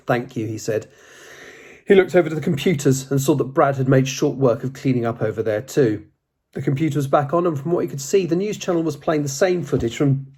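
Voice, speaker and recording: A man's voice: medium pitch, darkish tone, husky. A man narrating an audiobook, reading plainly and lightly voicing the dialogue.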